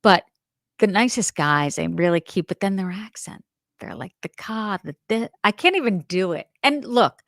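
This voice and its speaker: A woman's voice: on the low side, lively intonation, normal speed, fairly bright tone, no echo. Chatty woman from New Jersey, dry close sound. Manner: chatty, rambling, self-deprecating. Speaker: true-crime show host. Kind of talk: casual live-stream chat.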